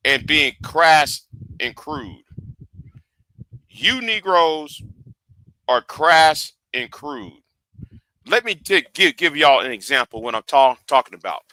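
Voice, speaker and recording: A man's voice: on the high side, bright, forceful tone, dry recording. A man hosting a livestream rant, lecturing his viewers and often repeating and restarting his phrases. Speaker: livestream host.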